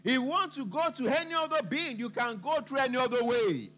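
A man's voice: very high voice, animated, brisk, fairly bright tone. A man preaching a sermon to his congregation, emphatic and repeating his points for weight.

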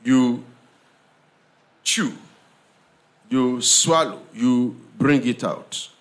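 Slow, emphatic male preacher. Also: medium pitch. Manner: slow and emphatic, repeating words and phrases; asks the audience "do you understand" often. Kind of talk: sermon.

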